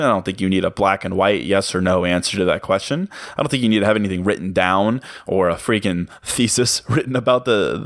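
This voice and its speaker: A man's voice: lowish voice, fairly bright tone, dry recording, clean studio sound. A young man hosting his own podcast, musing in a casual, self-mocking, rambling way with plenty of fillers. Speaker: podcast host. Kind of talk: casual solo podcast monologue.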